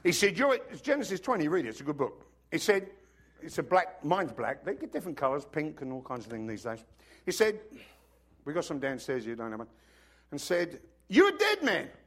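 Man, preacher, sermon, fairly high voice, very expressive pitch, chatty with humorous asides. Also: a little fast. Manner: animated, conversational preaching with joking asides.

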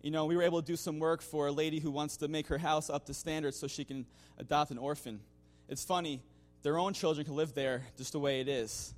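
A man's voice: on the high side, fairly even intonation, fairly quick, few pauses. Conversational man giving a church testimony. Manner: conversational, full of "you know" fillers and restarts; chuckles now and then. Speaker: church member giving a mission-trip testimony. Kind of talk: spoken testimony to a congregation.

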